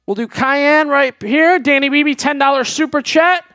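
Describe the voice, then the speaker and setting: A man's voice: very high-pitched, moderate pace, bright, forceful tone, no room sound, studio quality, faint music behind. A man hosting a live sports stream in casual chat, reading viewer messages and chatting about the team. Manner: chatty, reads viewer super chats aloud. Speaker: sports show host.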